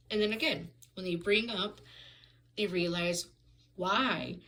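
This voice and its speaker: Woman reviewer, mid-pitch, ranting with exasperated sarcasm, casual and full of fillers. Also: slow pace, bright, forceful tone, low-quality recording. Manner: frequent "like" fillers and restarts. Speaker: book reviewer.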